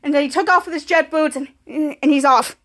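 A woman's voice: high-pitched, fairly quick, a bit bright. A woman podcast host casually recapping a TV episode scene by scene, rambling and restarting often. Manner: rambling, repeats "cut to" with frequent restarts.

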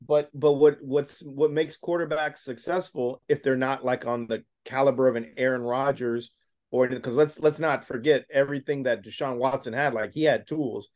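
A man with a medium-pitched voice co-hosting a casual sports podcast. He states his views earnestly and often stumbles into repeated words as he restarts. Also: steady tone, normal speed, darkish tone. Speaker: podcast co-host.

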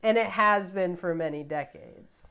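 Low-voiced, opinionated woman rambling. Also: measured pace, fairly bright tone, clean tone. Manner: opinionated and rambling, heavy on "like" fillers. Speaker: podcast guest, mixologist. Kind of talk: casual podcast chat.

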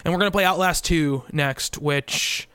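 A man's voice: a little high, moderate pace, sharp tone, clean tone, no room sound. A man co-hosting a gaming podcast, chatting casually and rambling with frequent fillers and restarts. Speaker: podcast co-host. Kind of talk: casual chat.

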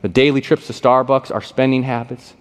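A man preaching a sermon, telling a story in a conversational, animated way and often repeating words. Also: mid-range voice, fairly quick. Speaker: pastor. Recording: long reverb of a large hall.

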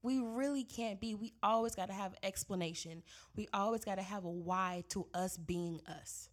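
A woman's voice: medium pitch, moderate pace. A woman co-hosting a podcast in casual chat, telling a story with acted-out quotes and frequent laughter. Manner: animated storytelling, acts out quotes, laughs often. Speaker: podcast co-host.

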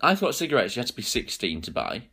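A man's voice: medium pitch, big pitch swings, fast, crowd noise. A young man co-hosting a podcast in casual chat, giggly and often stumbling over his words. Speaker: podcast co-host.

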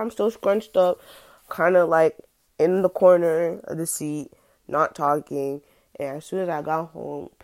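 Young woman, low voice, slow, hesitant, lots of fillers, personal story. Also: gravelly, a little mellow. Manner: halting, hesitant, many fillers and restarts.

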